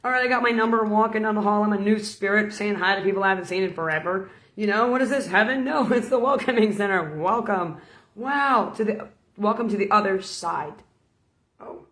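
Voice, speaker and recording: A woman's voice: mid-range voice, brisk, a bit bright, echoey room. A woman preacher giving an informal sermon as a playful, storytelling talk. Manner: storytelling, playful, laughs between points.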